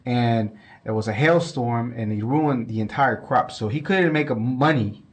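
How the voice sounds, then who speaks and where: A man co-hosting a podcast chats casually in a mid-range voice at a moderate pace. He rambles and often repeats himself, getting animated whenever he quotes someone.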